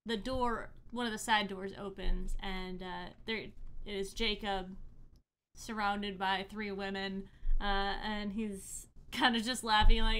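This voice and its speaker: A woman narrating and running a tabletop game as game master, animated and often laughing. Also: medium pitch, slow pace, clean tone.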